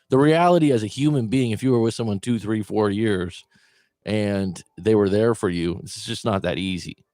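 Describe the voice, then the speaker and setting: A man with a lowish voice talks through breakup advice as a coach. He asks the listener questions in a conversational way. The sound is dry and close, with soft music underneath. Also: no echo. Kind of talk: direct-to-camera advice talk.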